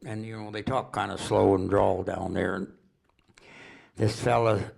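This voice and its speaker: Gravelly older man telling stories. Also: lowish voice, fairly even intonation, a little mellow. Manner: rambling, unhurried, with chuckles and restarts. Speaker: local storyteller. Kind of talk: folksy storytelling at a public presentation.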